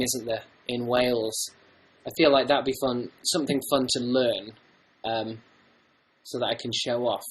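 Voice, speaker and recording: Hosting a casual livestream from home, a young man reads viewer comments aloud and rambles through self-mocking jokes. His voice is medium-pitched, and the recording is rough.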